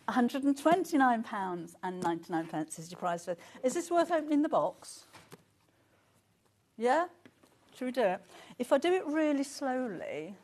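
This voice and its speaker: Excitable woman selling live. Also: on the high side. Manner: excitable, chatty, frequent gasps and laughter. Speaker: shopping channel presenter. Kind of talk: live sales presentation. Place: TV studio.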